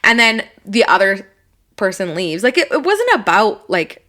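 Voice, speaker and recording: A woman's voice: medium pitch, very animated, normal speed, sharp tone. A woman co-hosting a podcast, telling a story in a casual chat, swearing freely and acting out a heated exchange. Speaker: podcast co-host.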